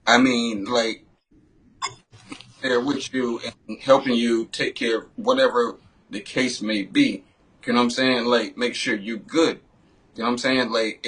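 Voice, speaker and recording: A man's voice: medium pitch, fairly bright tone, breathy edge, rough recording. A man hosting a casual podcast interview as a relationship coach, speaking in a laid-back way and often asking "you know what I'm saying".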